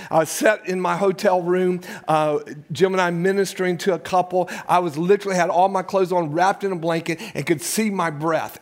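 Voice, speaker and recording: A man in his sixties, a pastor, preaching a sermon and telling a personal story with big swings between loud urgency and hushed lows.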